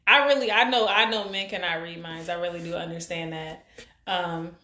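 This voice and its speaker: Woman host around 40, kinda low voice, rambly chat full of ums, echoey room. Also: bright, forceful tone. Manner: rambling, halting, many fillers. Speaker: live-stream show host. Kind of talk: casual chat reading viewer comments.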